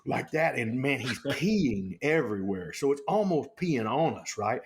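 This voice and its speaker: A man, a podcast guest telling a story in a casual, animated way and acting out the people and animals in it. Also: medium pitch, slight background noise. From Texas.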